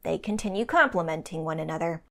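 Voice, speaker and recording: A woman's voice: deep voice, expressive, fast, vocal fry, a bit bright. A woman co-hosting a recap podcast, reading a scripted summary with wry asides. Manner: wry, laughs between lines.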